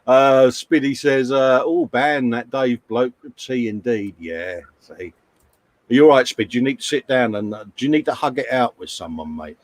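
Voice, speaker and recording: A man's voice: mid-range voice, normal speed, dry recording. Chatty man hosting a stream. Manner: matey, chatty, gently scolding. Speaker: live stream host. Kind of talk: casual chat reading viewer comments.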